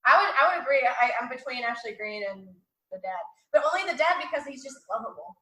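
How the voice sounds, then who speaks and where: A woman's voice: high-pitched, expressive, fast talker, sharp tone, roomy sound, a little hiss or hum, low-quality recording. A woman guest on a podcast, chatting casually, blunt and laughing often. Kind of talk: casual chat.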